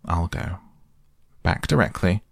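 Man reading pompous old owl, very low, raspy. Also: lively intonation, no room sound, studio quality, exaggerated voice. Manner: pompous, slow and wordy. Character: pompous wise old owl, long-winded.

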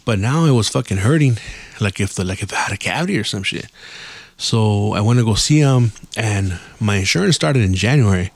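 A man with a low, gravelly voice rambles through a profane story on his podcast. He laughs often and talks loosely, as if chatting with friends. The sound is close and dry, with no room around it. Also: animated, a little fast, dry recording. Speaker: podcast host. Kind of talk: casual storytelling rant.

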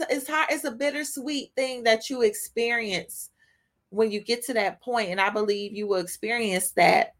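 A woman hosting a faith podcast, speaking off the cuff, emotional and choked up, halting with frequent restarts. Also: mid-range voice, fairly bright tone. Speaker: podcast host giving a devotional. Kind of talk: spontaneous faith talk.

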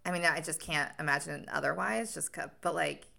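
A young woman co-hosting a casual book-discussion podcast, chatty and animated, with many likes and restarts. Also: sits low, brisk, gravelly. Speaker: podcast co-host.

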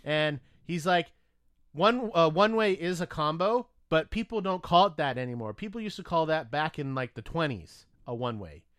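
A man telling a story in casual chat, animated and profane, acting out both sides of a conversation. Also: fairly high pitch, normal speed, clear, resonant tone, no room sound.

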